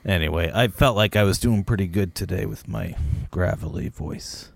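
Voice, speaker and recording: A man's voice: deep voice, fairly quick, vocal fry. A man co-hosting a podcast, bantering in a joking, profane, playful way. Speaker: podcast co-host. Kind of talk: casual banter.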